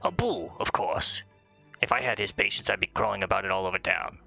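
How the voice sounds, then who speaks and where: A man's voice: sits low, a little fast, creaky, bright, forceful tone, faint music behind, voice pushed down, heavily acted. A man voicing a chatty bird-like merchant, telling a long tale in a let's play. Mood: storytelling. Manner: storytelling, squawking.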